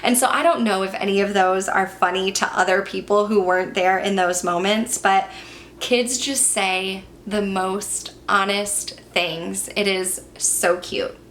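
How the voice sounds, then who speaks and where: A woman's voice: medium pitch, steady tone, unhurried, fairly bright tone, slight background noise. A young adult woman chatting through a makeup Q&A, telling stories with lots of fillers. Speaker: beauty vlogger and former teacher. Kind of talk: chatty get-ready-with-me Q&A.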